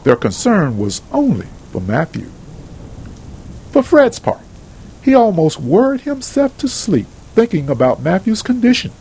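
A man's voice: high-pitched, huge pitch swings, a little slow, gravelly, darkish tone, a little hiss or hum, low-quality recording. A man reading a story aloud in a plain, earnest storybook narration.

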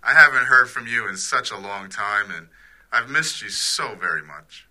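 A man's voice: on the low side, animated, moderate pace, bright, forceful tone. A man playing an eager, emotional former sweetheart on a phone call in a radio-style drama. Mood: earnest longing. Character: lovestruck former sweetheart Fred.

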